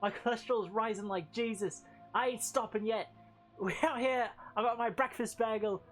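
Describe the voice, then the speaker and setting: A woman's voice: on the high side, moderate pace, soft background music, lightly acted. A woman doing a brash, boastful young man with a put-on Scottish accent. His talk is crude and exaggerated. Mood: cocky bragging. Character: brash Scottish lad bragging about his breakfast.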